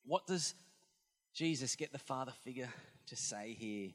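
A man preaching a sermon, animated and emphatic, often repeating phrases for effect. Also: mid-range voice, measured pace, long pauses. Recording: long hall reverb.

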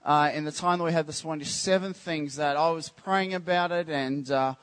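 A man preaching a casual, joking sermon to a church congregation, teasing the crowd with quick questions. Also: a little high, steady tone, a bit bright, clear, resonant tone. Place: church service.

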